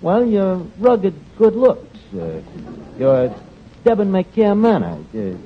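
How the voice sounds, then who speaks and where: A man's voice: sits high, wildly swooping pitch, slow pace, full character voice. A man playing a brash, pompous New tavern manager who mangles big words in a 1940s radio comedy. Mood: cheeky. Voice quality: malapropisms, wisecracking. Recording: dull, noisy 1940s radio broadcast.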